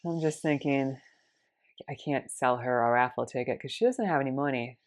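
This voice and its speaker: A woman telling a personal faith story in an animated way, acting out the dialogue in different voices. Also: rumbling low, moderate pace, slight background noise.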